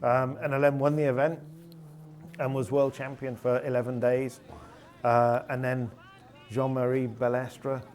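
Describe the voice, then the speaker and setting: This rally pundit's mid-range voice is flat and darkish at a measured pace, with slight background noise. On a panel in casual conversation, he tells long stories that wander, with frequent fillers and restarts.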